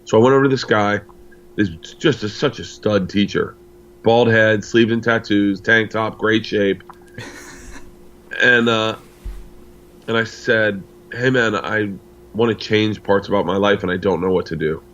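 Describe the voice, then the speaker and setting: A man's voice: lowish voice, steady tone, measured pace, a bit bright, highs cut off. A middle-aged man from the United States, a comedian guest telling a long personal story and acting out the dialogue. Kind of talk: storytelling in casual interview.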